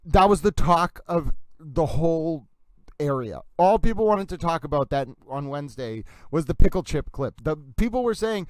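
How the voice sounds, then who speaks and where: A man's voice: fairly high pitch, lively intonation, normal speed, no room sound. A man hosting a channel and giving casual, rambling commentary on court videos, often breaking off mid-sentence. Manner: rambling, self-interrupting. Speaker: host.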